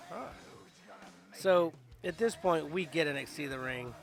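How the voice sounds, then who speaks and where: A man's voice: a little high, a little slow, creaky, faint music behind. A man hosting a podcast, recapping wrestling shows in a loose, chatty way full of fillers and asides. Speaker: podcast host.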